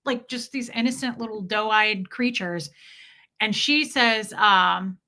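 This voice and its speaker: Casting: bright-toned woman, profane animated storyteller chatting to viewers. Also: mid-range voice, takes it slowly. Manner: profane, animated, quotes others in dialogue. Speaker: streamer telling her own story. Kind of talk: casual storytelling to a live chat.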